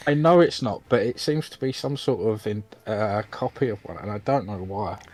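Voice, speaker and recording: Low-pitched British male co-host, casual and halting, heavy on fillers. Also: a little mellow, dry recording, rough recording. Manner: hesitant, lots of ums and restarts. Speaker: podcast co-host. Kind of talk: casual chat.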